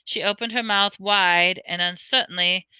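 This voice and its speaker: A woman's voice: medium pitch, steady tone, normal speed, sharp tone, smooth, dry recording. Brief: woman reading a novel aloud, self-correcting slips, dry close recording. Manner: stumbles and corrects words while reading. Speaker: audiobook reader.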